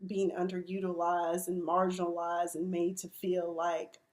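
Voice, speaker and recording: A woman in her forties, emotional, recapping a TV episode in a chatty, expressive way with slang. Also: on the low side, measured pace. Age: 40s. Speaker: TV review vlogger.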